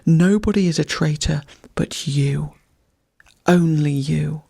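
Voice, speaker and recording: A reader voicing a wounded male fox, proud and bitter, who pleads softly and then hisses with contempt, read as a bedtime story. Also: mid-range voice, takes it slowly, vocal fry, husky, exaggerated voice. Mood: contemptuous.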